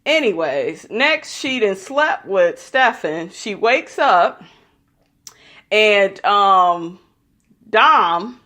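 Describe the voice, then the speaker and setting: A woman chatting through a reality show recap in a loose, gossipy way. She is blunt and salty, and she swears freely as she sizes up everyone on screen. Her voice sits at an ordinary middle pitch for a woman. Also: very animated, extremely slow, sharp tone. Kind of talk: casual recap commentary.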